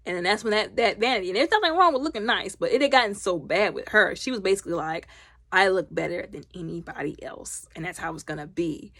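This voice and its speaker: A woman recapping a film loudly and animatedly, acting out the characters' lines. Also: medium pitch, animated, fast, no room sound, clean studio sound. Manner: loud. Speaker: movie reviewer. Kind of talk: casual movie recap.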